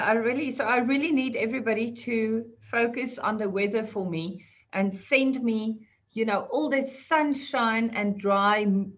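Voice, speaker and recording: A woman explaining property law on an online panel, chatty and self-deprecating, laughing often. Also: on the high side. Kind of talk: conversational explanation. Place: online video call. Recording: muffled video call audio.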